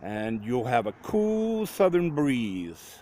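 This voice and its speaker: A woman's voice: very deep voice, big pitch swings, slow pace, warm tone, full character voice. A man voicing a small, sweet-talking Southern woman from Georgia who speaks in an affectionate drawl. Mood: wistful.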